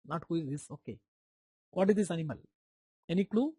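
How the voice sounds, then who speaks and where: A man's voice: fairly high pitch, lively intonation, a little fast, dark tone, husky, no room sound. A man with an Indian English accent giving a live online medical lecture, repeating key terms, quizzing students by name and making playful sound effects.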